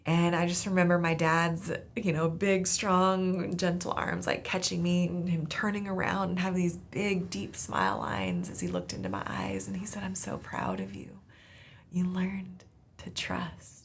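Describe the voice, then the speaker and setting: A woman's voice: fairly low pitch, normal speed, creaky, hardly any pauses, slight background noise. A woman from Southern California, a podcast host, telling an earnest faith testimony in a casual, searching way. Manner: casual, earnest, many "like" fillers.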